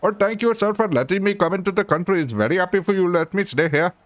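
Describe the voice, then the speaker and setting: A man putting on an exaggerated Indian accent, voicing a pleading male caricature in a higher pitch. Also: quick pace, no room sound, natural voice. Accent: Indian, put on. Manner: high, pleading, then cursing.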